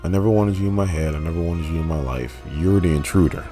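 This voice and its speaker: A man's voice: low voice, quick pace, warm tone, faint music behind, close to an everyday voice. A man doing an anguished, pleading Bruce Banner. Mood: agitated. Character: desperate, anguished male scientist Bruce Banner.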